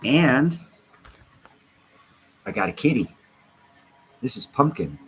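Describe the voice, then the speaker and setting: A man's voice: mid-range voice, very animated, slow pace, slightly rough, low-quality recording. A stoned man chatting casually on a livestream, rambling and interrupting himself as he talks to his viewers. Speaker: crypto vlogger.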